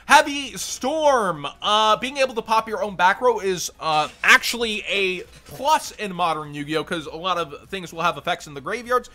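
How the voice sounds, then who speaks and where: A man hosting a card game channel, giving quick blunt verdicts in casual commentary while his voice is going. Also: high-pitched, lively intonation, bright, forceful tone. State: losing his voice.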